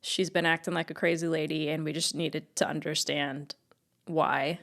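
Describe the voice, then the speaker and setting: Lowish-voiced woman co-hosting a podcast. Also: flat delivery, normal speed, creaky, a bit bright. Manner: upbeat, recaps plot and laughs often. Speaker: podcast co-host. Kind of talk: casual podcast chat.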